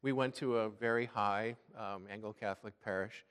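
A middle-aged man from the Chicago area, an Episcopal priest giving a sermon in a church, telling a personal story in a relaxed way with fillers and repeated words. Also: on the low side, normal speed, clean tone, in a large hall.

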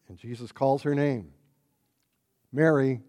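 A man preaching an Easter sermon, retelling a story and building to loud, repeated exclamations. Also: medium pitch, takes it slowly.

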